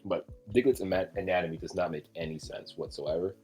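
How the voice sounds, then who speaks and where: A man's voice: sits low, steady tone, fast talker, dark tone, faint music behind. A man co-hosting a podcast in a casual chat, talking enthusiastically and rambling with fillers. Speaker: podcast co-host.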